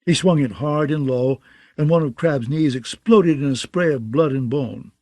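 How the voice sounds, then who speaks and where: Male audiobook narrator, steady and measured, a bit high-pitched, dry close sound. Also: no room sound.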